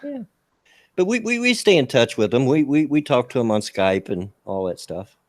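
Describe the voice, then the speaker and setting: Middle-aged Southern US male co-host, laid-back, mid-pitched, dry room. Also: very animated, dry recording. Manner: laid-back, laughing easily, halting. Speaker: podcast co-host. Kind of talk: casual chat.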